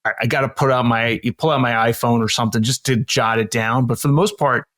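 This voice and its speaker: A man's voice: medium pitch, steady tone, fast talker, fairly bright tone, dry recording, studio quality. Easygoing man thinking aloud. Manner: thinking aloud, frequent "you know" and "like". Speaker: podcast co-host. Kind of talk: casual chat.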